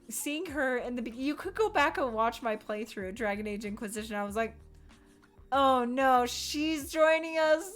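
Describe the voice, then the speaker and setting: Young woman streamer rambling about games, laughs a lot, swears, faint music behind. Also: mid-range voice. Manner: animated, laughs often, swears, acts out quotes. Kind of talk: casual chat.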